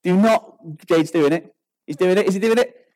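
A British man preaching in a loose, conversational way, voice sitting fairly high for a man. He spins anecdotes, stumbles and restarts often, and keeps asking his listeners rhetorical questions. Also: moderate pace, darkish tone, low-quality recording. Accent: British English. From Britain. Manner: chatty, storytelling, with frequent restarts and rhetorical questions. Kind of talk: informal sermon.

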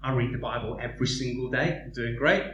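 A man's voice: mid-range voice, fast talker, a bit bright, dull audio, voice pushed down, natural voice. A man voicing an eager but self-doubting believer who swings between bragging and panic. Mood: boastful. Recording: echoey room, distant mic, faint hum.

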